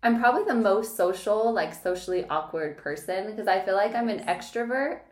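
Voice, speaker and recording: A woman's voice: mid-range voice, lively intonation, fairly quick. A woman chatting casually on a podcast, rambling and self-deprecating with stop-start phrasing. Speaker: posing coach and friend. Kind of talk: casual chat. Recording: echoey room.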